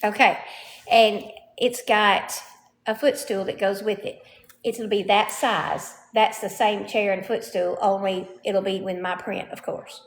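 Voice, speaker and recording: A woman's voice: medium pitch, steady tone, a little slow. A woman giving a casual show-and-tell of her home furnishings, chatty and often checking in with the viewer. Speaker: home vlogger. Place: indoors at home.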